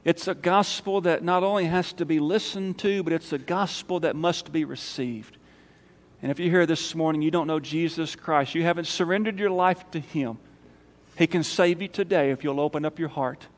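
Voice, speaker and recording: Pastor, male, high voice, emphatic sermon delivery, long church-hall reverb. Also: steady tone, moderate pace. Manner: emphatic, rising to loud calls then dropping soft for prayer. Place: church sanctuary.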